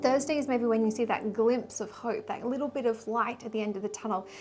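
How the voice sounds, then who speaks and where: A woman giving a casual weekly tarot reading, emotional and rambling, with sighs and soft laughs. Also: fairly high pitch, a little fast, faint music behind. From Australia. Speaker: tarot reader and spiritual guide.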